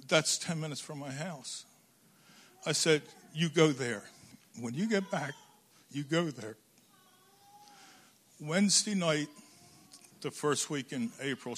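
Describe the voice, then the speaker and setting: An older man preaching a sermon, telling a family story with quoted dialogue, voice swinging between loud bursts and low asides. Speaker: pastor.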